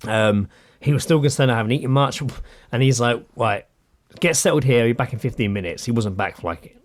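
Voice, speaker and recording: This man co-hosts a podcast, speaking fairly quickly in a mid-range voice. He tells a story in casual chat and animatedly acts out what people said, swearing often.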